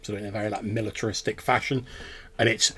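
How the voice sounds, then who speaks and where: A man's voice: on the low side, flat delivery, fast talker, sharp tone, husky. A man, narrating a tabletop game as game master in a loose, chatty way.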